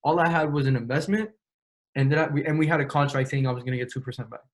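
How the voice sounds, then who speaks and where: A young man, the interview guest, telling his story in casual, slangy, profane talk full of quoted back-and-forth. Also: medium pitch. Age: young adult. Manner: slangy, profane, quick retelling with quoted dialogue.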